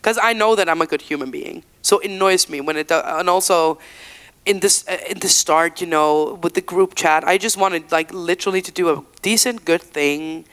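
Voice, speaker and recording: A woman's voice: fairly low pitch, moderate pace, fairly bright tone, clear, resonant tone. A woman, talking candidly in a casual interview, full of fillers and acted-out quotes. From Faroe Islands. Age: 30s. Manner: chatty and candid, full of "like" and restarts, acts out quotes. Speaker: singer being interviewed. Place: event venue indoors.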